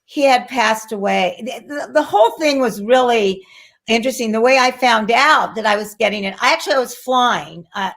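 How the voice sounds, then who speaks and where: A middle-aged woman with a slightly high voice tells a story as an interview guest. She talks casually and animatedly, jumping into the voices of the people she quotes. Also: moderate pace, fairly bright tone. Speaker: guest, actress and flight attendant.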